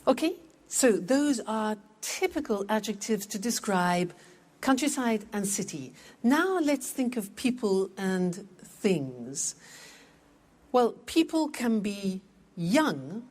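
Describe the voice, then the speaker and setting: A woman teaching English in a scripted lesson, explaining clearly and patiently and repeating words for practice. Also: medium pitch, big pitch swings, takes it slowly, darkish tone.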